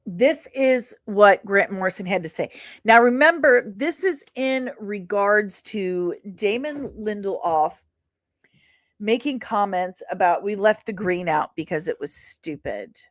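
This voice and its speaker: A woman's voice: mid-range voice, expressive, a little slow. A woman hosting a casual live stream, chatting to viewers and reading aloud from a post. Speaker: host.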